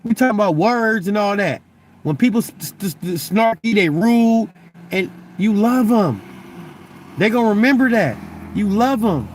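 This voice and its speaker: A young Christian vlogger preaches in a loose, conversational way, his high-pitched, animated voice moving at normal speed over a faint hiss or hum. He often stammers and repeats words as he presses his point, and he keeps asking "you know what I'm saying."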